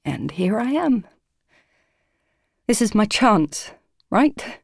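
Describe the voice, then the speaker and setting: A woman's voice: medium pitch, sing-song, drawn-out words, gravelly, no echo, clean studio sound. A young woman narrating a first-person audiobook, earnest and pleading, emotionally raw.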